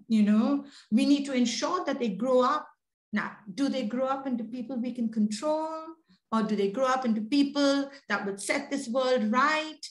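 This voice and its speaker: Woman teaching a lit class, fairly high voice, talks casually with lots of you knows, roomy echo. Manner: conversational, many fillers. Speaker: literature lecturer. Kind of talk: lecture.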